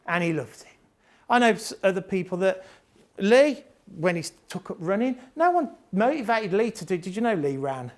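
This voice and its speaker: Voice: mid-range voice, sing-song, normal speed. A parent with a British accent giving a live talk to an audience on autism and behaviour, chatty and blunt, laughing often and swearing casually. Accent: British English. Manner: chatty, jokey, laughs often, acts out quotes.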